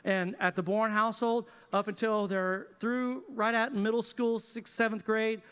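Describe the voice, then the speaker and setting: A man pastor preaching a sermon in a lively, conversational way with casual asides. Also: high-pitched, measured pace, smooth. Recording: reverberant church hall.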